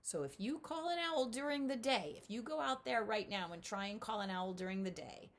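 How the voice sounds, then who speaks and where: A middle-aged woman giving children a lively home lesson, speaking right to the kids and doing bird calls. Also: on the high side, a little fast. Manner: animated, talks straight to kids, imitates owl calls. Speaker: children's author teaching at-home learners. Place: home, indoors.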